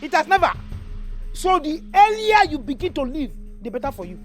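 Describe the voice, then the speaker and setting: A woman's voice: high-pitched, big pitch swings, brisk. An actress with a Nigerian accent playing a defiant, mocking woman who taunts and provokes. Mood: taunting. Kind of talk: Nollywood film acting. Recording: film dialogue with faint music.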